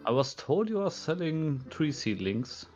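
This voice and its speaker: A man playing in a tabletop game, speaking plainly and deliberately. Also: a little high, big pitch swings, a little mellow, faint music behind. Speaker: player. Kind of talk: tabletop role-play. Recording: dull lo-fi mic.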